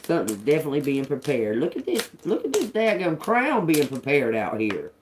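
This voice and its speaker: Woman doing a spiritual reading for the collective, lively up-and-down voice, laughs a lot, cusses freely. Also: sits low, brisk, background noise. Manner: animated, laughs often, swears freely, streetwise talk. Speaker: intuitive reader.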